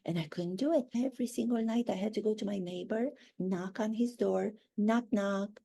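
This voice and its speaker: A woman's voice: mid-range voice, normal speed, vocal fry, dark tone, close to an everyday voice. A woman playing a haughty, self-absorbed duchess in a rambling parody monologue.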